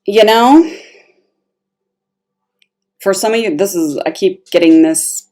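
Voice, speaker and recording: A woman giving a casual, expressive tarot reading, talking straight to the viewer with emphatic asides. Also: medium pitch, slow. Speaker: tarot reader.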